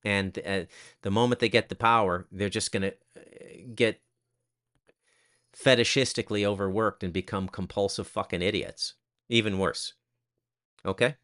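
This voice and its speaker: A man's voice: on the low side, steady tone, normal speed, long pauses, a bit bright. Blunt, crude male commentator. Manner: blunt, crude and sarcastic, with frequent "okay?" asides. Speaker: host. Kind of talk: casual commentary monologue.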